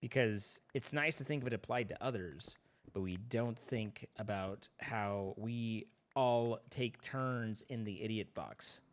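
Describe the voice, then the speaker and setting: In a fairly low, unhurried voice, a man livestreams a game, chatting casually, rambling, and poking fun at himself for his chat.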